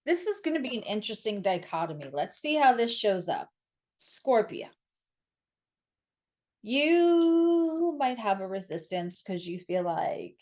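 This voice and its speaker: A woman's voice: on the low side, expressive, normal speed, darkish tone. A woman giving a casual tarot reading to camera, blunt and sarcastic, and she swears freely. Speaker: astrologer and tarot reader.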